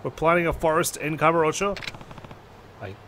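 A man voicing a stoic, deadpan male yakuza hero in a game playthrough, low and flat. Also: moderate pace, slight background noise, natural voice. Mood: dry.

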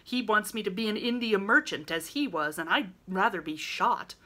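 A woman reading aloud, voicing an excitable, impatient teenage boy who talks in emphatic outbursts. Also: fairly low pitch, normal speed. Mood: impassioned.

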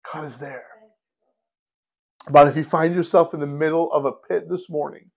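A man, a church pastor, leading a fervent sermon prayer that builds into loud, impassioned calls. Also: fairly high pitch, steady tone, fairly quick, creaky.

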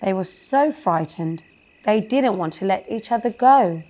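A woman reads a children's bedtime story at a slow, unhurried pace. She speaks gently and often stops to ask her young listeners questions. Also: medium pitch, expressive. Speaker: storyteller for a kids show.

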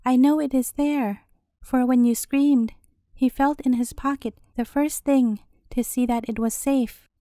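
A woman's voice: sits high, steady tone, a little slow, dark tone, dry recording, clean studio sound. Woman putting on a squealing clever rat. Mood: scheming. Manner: bossy, squealing.

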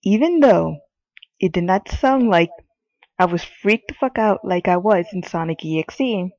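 A woman's voice: lowish voice, lively intonation, measured pace, a little mellow, no room sound, lo-fi sound. A young woman with a cold giving casual, swearing gameplay commentary from her bed, exasperated and rambling. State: sick, coughing. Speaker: gaming video creator. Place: bedroom.

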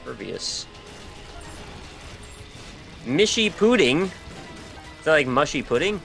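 Deadpan guy teasing his cohost on a game stream, medium pitch, faint music playing. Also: brisk. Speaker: streamer co-host. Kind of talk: casual gaming chat.

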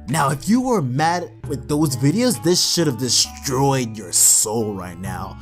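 A man's voice: medium pitch, moderate pace, few pauses, faint music behind. A man YouTuber delivering a profane, mocking comedic rant to his viewers. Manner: profane, mocking, animated ranting.

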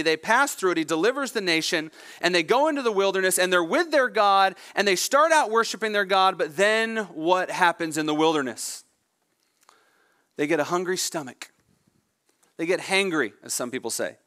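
A male pastor preaching a sermon, expressive, voicing the people in the story as he goes. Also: high voice. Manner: expressive preaching with dramatic voiced quotes.

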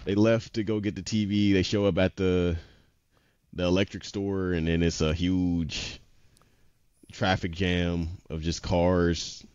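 A man's voice: low-pitched, little pitch movement, unhurried, darkish tone, smooth, dry recording, lo-fi sound. A man casually retelling an anime episode, rambling with lots of "he was like" quotes and frequent laughs. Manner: laughs often. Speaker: podcast co-host.

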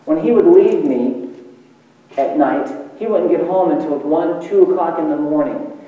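A man's voice: fairly high pitch, a little slow. A man telling his life story as a sermon testimony, in a storytelling manner with emotional swings, recorded from a distance in a large hall. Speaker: evangelist. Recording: distant echoey hall, muffled.

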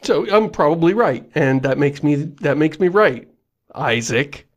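A man's voice: on the high side, expressive, a little slow. A man co-hosting a podcast in casual chat, jokey and self-mocking, laughing often. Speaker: podcast co-host.

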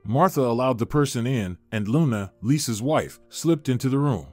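Lively man narrating a story. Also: mid-range voice, moderate pace, no echo. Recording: dry studio voice-over with faint music.

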